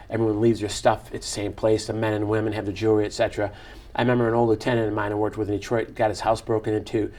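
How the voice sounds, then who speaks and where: Fast-talking man hosting an interview. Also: lowish voice, darkish tone. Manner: praises the guest, then asks open questions. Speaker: fire chief and host. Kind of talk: interview questions.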